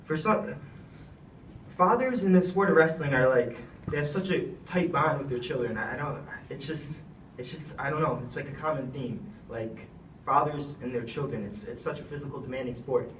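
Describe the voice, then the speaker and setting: A man's voice: medium pitch, normal speed, a bit bright, recorded from a distance, a little hiss or hum. Young man, earnest farewell speech, rambling, fillers; off-mic in an echoey room. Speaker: retiring wrestler giving a thank-you speech. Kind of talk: heartfelt speech.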